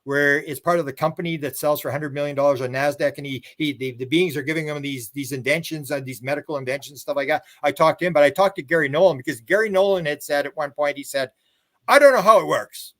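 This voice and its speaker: A man's voice: fairly high pitch, steady tone, quick pace, few pauses, fairly bright tone. An older man, a guest author and researcher, telling long rambling stories in a casual interview. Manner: rambling storyteller who acts out other people's words.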